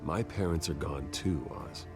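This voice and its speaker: An actor playing a grave, reserved young wealthy man in a video game, speaking in a measured, low-key way. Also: over music.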